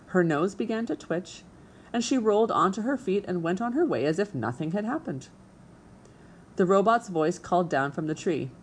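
Female storybook narrator, lowish voice, faint hiss in the background. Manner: expressive and measured. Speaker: audiobook narrator.

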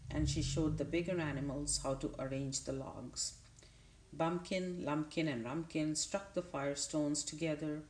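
A woman narrating a children's novel aloud in a measured, unhurried way, with a few small restarts. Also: low voice, darkish tone, reverberant, a little hiss or hum. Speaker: audiobook narrator. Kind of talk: storybook read-aloud.

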